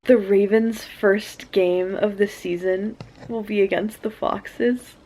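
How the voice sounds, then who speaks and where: A young woman gushes in a flustered, casual vlog about the book she's reading, talking directly into her camera mic and packing her sentences with "like." Her mid-range voice is steady, slow and dark-toned.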